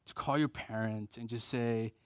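A middle-aged man preaching a conversational sermon, repeating key phrases for emphasis and joking at his own expense, going soft and low for tender points. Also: fairly even intonation, moderate pace, no echo, clean studio sound. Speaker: pastor.

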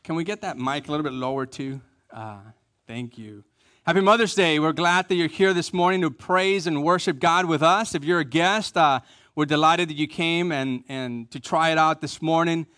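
A man's voice: fairly high pitch, moderate pace, fairly bright tone, dry recording, clean studio sound. A man preaching a Mother's Day sermon as pastor, informal and joking, with many fillers. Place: church sanctuary.

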